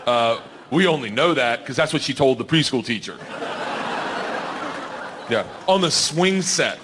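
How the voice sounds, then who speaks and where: A man doing a loud, excitable stand-up comedy set on stage, his storytelling often rising toward a shout. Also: medium pitch, a little slow. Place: comedy stage before a laughing audience. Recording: live show with loud crowd laughter and noise. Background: crowd laughter.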